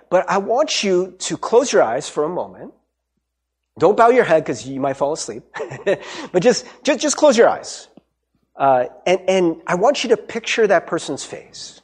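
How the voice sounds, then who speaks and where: Husky-voiced man preaching with lively pitch. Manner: conversational, warm-humored preaching with restarts and asides. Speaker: pastor. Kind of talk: sermon.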